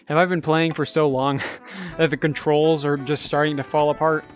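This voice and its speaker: A man's voice: on the high side, flat delivery, normal speed. Wry, tired young man streaming a game. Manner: wry, self-mocking, chatting to viewers while playing. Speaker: livestreamer. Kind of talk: casual livestream gaming commentary. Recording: game music playing behind.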